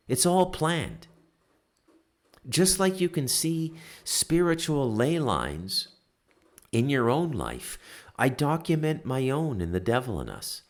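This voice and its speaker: A man in his forties, hosting a solo commentary and ranting with profanity and loud outbursts, punctuating his points with "okay?". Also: mid-range voice. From Canada. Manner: repeats "okay?" to drive points home. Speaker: political commentary host.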